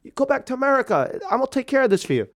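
A man's voice: very high-pitched, sing-song, rapid-fire, voice pushed up, heavily acted. A man doing a breezy, reassuring lawyer. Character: breezy male small-town lawyer, reassuring.

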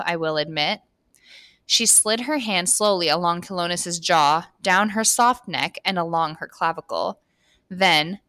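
Bright, low-voiced woman reading erotica. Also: no echo. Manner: amused, breaks into laughter between passages. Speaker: podcast host and story reader. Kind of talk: reading erotic fiction aloud with banter.

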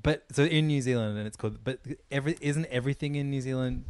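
A man co-hosting a podcast in casual chat, halting and playful, often restarting his sentences. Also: medium pitch, a little mellow, clean tone, no room sound. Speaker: podcast co-host.

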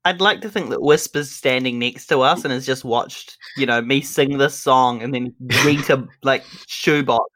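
A man's voice: mid-range voice, normal speed, few pauses, a bit bright. A man taking part as a player in a tabletop role-playing game, joking around playfully.

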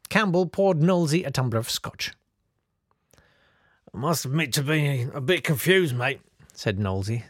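A man's voice: medium pitch, darkish tone, breathy edge, no room sound, studio quality. A man reading a comic story aloud and breaking off into jokey asides. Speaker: comedy podcast host reading aloud.

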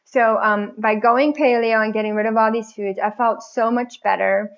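A woman telling her own story as a podcast guest in a chatty, animated way, often breaking into laughter. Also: a little high, moderate pace, dull audio. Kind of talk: casual personal story.

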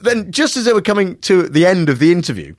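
A man's voice: high voice, very animated, quick pace. A man co-hosting a comedy podcast, telling rambling anecdotes in casual chat and laughing often. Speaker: podcast co-host.

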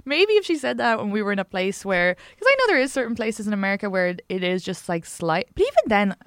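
A woman's voice: medium pitch, quick pace, clear, resonant tone, dry recording, studio quality. An Irish woman, a comedian, chatting casually as a podcast guest and acting out other people's lines as she tells stories. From Ireland. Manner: animated storyteller who acts out other people's lines. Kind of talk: casual chat.

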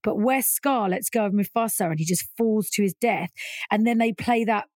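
A woman's voice: mid-range voice, moderate pace, darkish tone, no echo, clean studio sound. A woman co-hosting a podcast, talking chattily and expressively, laughing often. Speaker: podcast co-host. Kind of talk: casual chat.

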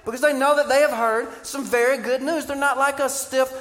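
A man preaching a sermon, animated and joking, asking the crowd questions. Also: extremely high pitch, a little fast, a little hiss or hum. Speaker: pastor. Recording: live church sermon with hall reverb.

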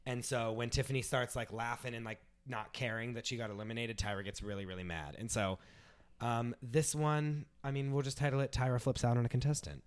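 Chatty podcast host, fillers everywhere. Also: male voice, mid-range voice, steady tone, brisk, clear, resonant tone. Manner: chatty, heavy use of filler words. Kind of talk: casual chat.

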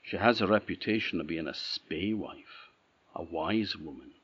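A man's voice: low-pitched, unhurried, fairly bright tone, husky, heavily acted. A man with an Orcadian Scottish accent voicing a sensible, poor farm mother who gives firm, knowing advice. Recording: dull lo-fi recording.

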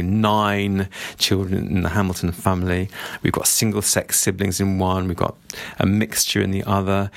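A man discussing a novel and reading long passages from it aloud in a measured, reflective way. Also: deep voice, creaky, dry recording. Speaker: book reviewer.

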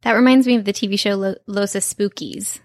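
A woman's voice: medium pitch, steady tone, a little fast, a little mellow, no room sound, studio quality. A woman co-hosting a podcast in casual chat, talking enthusiastically with lots of fillers. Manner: enthusiastic, chatty, many fillers. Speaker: podcast co-host.

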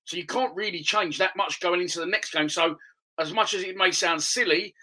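A man's voice: high voice, a little fast, bright, forceful tone, low-quality recording. A man hosting a football podcast, giving an opinionated, conversational fan's preview of the next match. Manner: opinionated, conversational fan analysis.

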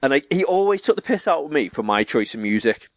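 A young man, a podcast co-host telling stories in casual chat and jumping up in pitch to act out quotes. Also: quick pace, dry recording. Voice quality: animated storyteller, swearing, acting out quotes in a higher voice.

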